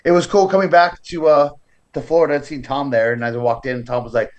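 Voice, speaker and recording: A professional wrestler from California talks quickly in a slightly high voice, and the recording has its highs cut off. Appearing as a guest in a casual interview, he recounts his story vividly, impersonating the other people in it.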